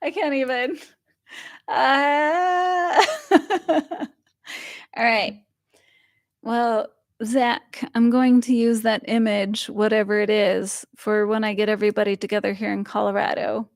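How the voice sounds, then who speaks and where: A woman's voice: a little high, fairly even intonation, takes it slowly, long pauses, no echo, clean studio sound. A young woman hosting a livestream, chatting casually and rambling with fillers while reading viewer comments aloud. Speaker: livestream host reading chat. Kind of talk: casual chat.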